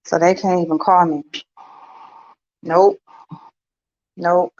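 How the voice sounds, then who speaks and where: A woman's voice: fairly low pitch, steady tone, normal speed, darkish tone, a little hiss or hum. A middle-aged woman hosting a casual chat with viewers, talking bluntly and swearing freely. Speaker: host. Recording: dull lo-fi sound.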